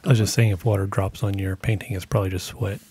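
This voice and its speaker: A man's voice: deep voice, little pitch movement, quick pace, a little mellow, slight background noise. A man from the studio crew making dry, joking asides during a painting lesson.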